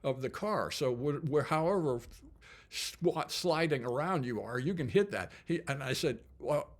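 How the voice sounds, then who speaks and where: Older male founder, casual raconteur, fairly high voice, lively and colorful. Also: normal speed. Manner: enthusiastic and colorful, with frequent asides. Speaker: company founder. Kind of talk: casual storytelling.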